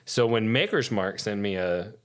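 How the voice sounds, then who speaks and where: A man who is a podcast guest, telling a long anecdote in casual, lively style and cursing freely. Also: fairly low pitch, normal speed. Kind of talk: casual storytelling.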